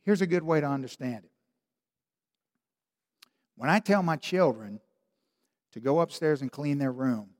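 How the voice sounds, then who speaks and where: Male pastor, emphatic sermon delivery, high-pitched, echoing church hall. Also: unhurried, pauses often. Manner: animated, emphatic storytelling.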